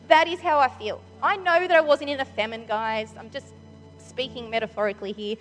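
A woman speaking at church with a microphone, giving an excitable, chatty sermon full of "like" and "you know". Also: high-pitched, normal speed. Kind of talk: enthusiastic conversational sermon. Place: large church hall with reverb. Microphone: handheld microphone. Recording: long church-hall reverb, faint music.

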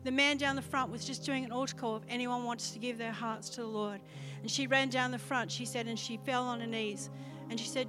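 An Australian woman pastor preaching a sermon, telling a personal testimony in an animated way. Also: fairly high pitch, fairly quick, music in the background. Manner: animated storytelling testimony, acting out quoted voices.

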